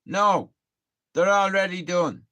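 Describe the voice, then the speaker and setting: A man's voice: high voice, takes it slowly, a bit bright. A young Irish man chatting live on stream, telling rambling sweary stories and laughing at them. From Ireland. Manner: sweary, rambling storytelling, laughs at own tales. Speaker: livestreamer. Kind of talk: casual live-stream chat.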